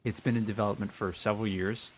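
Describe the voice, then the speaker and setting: Low-voiced guy rambling on a podcast, lots of ums and uhs, restarting his sentences. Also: little pitch movement, fast talker, a little hiss or hum, rough recording. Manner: rambling, many fillers and restarts. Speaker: podcast co-host. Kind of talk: casual chat.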